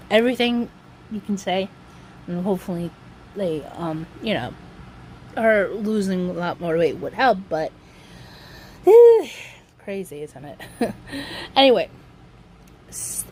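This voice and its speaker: A woman's voice: medium pitch, darkish tone, slight background noise. A woman vlogger telling a long story in a casual, rambling way, often circling back with "so anyway".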